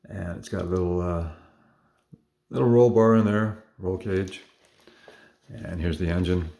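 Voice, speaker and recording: A man's voice: sits low, steady tone, a little slow, gravelly, warm tone. A man casually showing off his collection, enthusiastic and rambling, with lots of fillers and little self-corrections. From Canada. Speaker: collector showing model cars. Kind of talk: casual show-and-tell.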